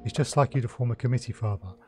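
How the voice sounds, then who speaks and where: Haunted young elf woman in a video game, bitter and frightened, read by a man in his own low voice. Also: rapid-fire, darkish tone, soft background music, close to an everyday voice.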